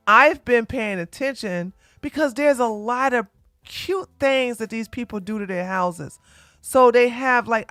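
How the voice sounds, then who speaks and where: A woman hosting her own channel, telling a casual story to her audience in an animated way and laughing often as she talks to the ladies. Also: mid-range voice, no room sound. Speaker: commentary channel host.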